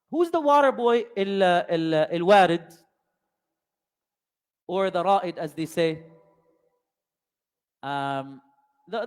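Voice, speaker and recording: A man giving a religious lesson as a storyteller, asking many rhetorical questions and mixing in Arabic terms. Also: sits high. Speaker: Islamic teacher. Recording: long hall reverb.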